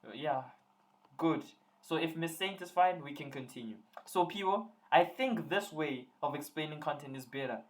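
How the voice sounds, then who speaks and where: A man's voice: a little high, normal speed. Man, young, playful teasing tutor, live online class. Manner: playful, teasing, joking with students.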